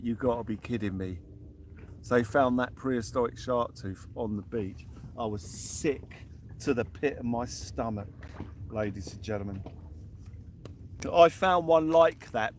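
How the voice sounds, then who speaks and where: A man's voice: medium pitch, slight background noise. Chatty man commentating from a boat. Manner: chatty, cheery running commentary. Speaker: fishing vlogger. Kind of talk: live-stream commentary. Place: outdoors on a small boat at sea.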